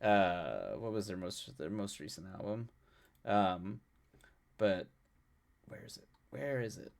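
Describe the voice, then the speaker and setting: A man's voice: on the low side, lively intonation, slow, gravelly. A young man hosting a live stream, chatting casually with his viewers, rambling and self-mocking with frequent laughs and restarts. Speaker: livestream host. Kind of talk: casual chat with chat readers.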